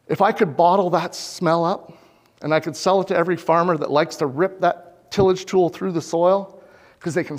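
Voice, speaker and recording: An earnest man from Canada gives a farmer's talk to a hall, putting questions directly to the crowd. His voice runs fairly high for a man. A long hall reverb trails behind each phrase from his lapel mic. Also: a little mellow. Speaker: farmer giving a conference talk. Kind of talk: public presentation. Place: conference hall.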